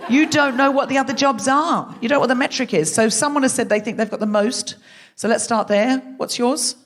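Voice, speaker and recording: A woman's voice: on the high side, fairly quick. A woman hosting a live comedy podcast on a theatre stage, chatty and self-mocking, teasing the audience. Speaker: podcast host.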